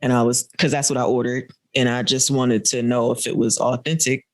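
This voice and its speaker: Lively woman telling a story. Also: extremely low pitch, fairly quick. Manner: animated storyteller who laughs often. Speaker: podcast co-host. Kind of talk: casual storytelling chat.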